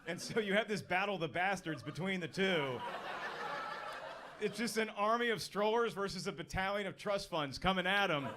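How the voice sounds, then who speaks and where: Guy doing stand-up in a club, high voice, punchy crowd work, lots of noise in the recording. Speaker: stand-up comedian. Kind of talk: stand-up comedy set. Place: comedy club stage. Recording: noisy live club recording.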